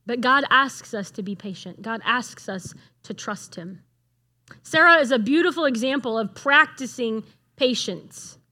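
A woman's voice: on the high side, lively intonation, a little slow, bright, forceful tone. A middle-aged woman giving a conversational sermon, earnest and asking the room questions. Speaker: speaker at a church gathering.

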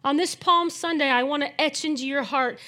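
High-voiced woman preaching conversationally. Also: brisk, sharp tone. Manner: conversational, earnest, frequent tag questions. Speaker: pastor. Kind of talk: sermon.

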